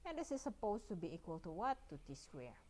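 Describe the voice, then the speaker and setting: A woman's voice: on the low side, sing-song, a little fast, darkish tone. Woman, indonesian accent, math lecturer, recorded lecture, explains step by step, keeps asking right. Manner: frequent "yeah" and "right?" check-ins, step-by-step explaining.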